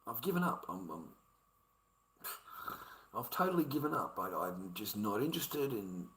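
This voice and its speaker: A man's voice: fairly low pitch, very animated, normal speed, fairly bright tone, roomy sound, low-quality recording. An older Australian man ranting in an aggrieved, swearing, repetitive vlog monologue.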